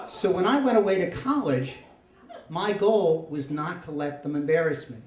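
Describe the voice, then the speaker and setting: Wry, fairly high-voiced storyteller man. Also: lively intonation, moderate pace, a little mellow. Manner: wry, self-deprecating humor. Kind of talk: live comedic storytelling. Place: stage at a story slam. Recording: roomy echo.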